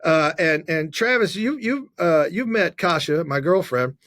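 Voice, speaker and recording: A man, a comedian guest on a podcast, telling stories with lots of energy and acting out the shouting hecklers. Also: fairly high pitch, expressive, a little slow. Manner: acts out hecklers with loud shouted voices. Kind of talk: animated storytelling on a podcast.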